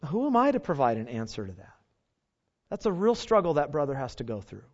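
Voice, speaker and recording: An earnest male preacher with a drawl, speaking in a fairly high voice. He puts rhetorical questions to his listeners. The recording is muffled and lo-fi. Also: sing-song, brisk. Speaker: pastor. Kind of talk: sermon. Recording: dull lo-fi recording.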